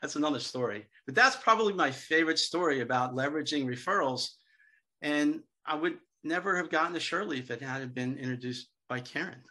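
A middle-aged man speaking as a seminar guest, telling lively anecdotes about selling to hospitals and acting out the dialogue. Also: on the high side, a little fast. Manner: lively storyteller, acts out quoted dialogue.

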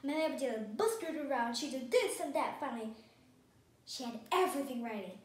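A woman reading a children's storybook aloud in a lively, expressive way. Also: high-pitched, brisk. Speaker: storybook reader. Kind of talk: children's read-aloud narration. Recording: roomy sound, distant from mic.

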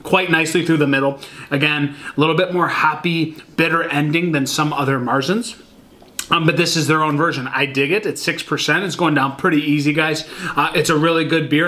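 A man with a fairly high voice chats loosely through a beer review in his house. He rambles, leans on fillers and keeps calling his viewers guys. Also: bright, forceful tone. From Michigan. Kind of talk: casual beer review vlog. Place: at home.

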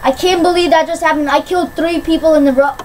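A woman giving casual gameplay commentary, excitable and quick to shriek when things go her way. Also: very high voice, a little hiss or hum, poor audio. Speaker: gamer. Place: at home on a PC.

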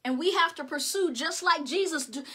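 High bright-voiced woman preaching. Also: moderate pace. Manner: impassioned preaching, repeats words when stirred; rhythmic repeated exhortations. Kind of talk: sermon.

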